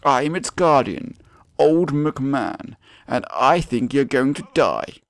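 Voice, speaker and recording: Guy doing a creaky-slow old cave guardian, drawls out doom warnings, bit higher than his own voice. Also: expressive, dry recording. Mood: ominous.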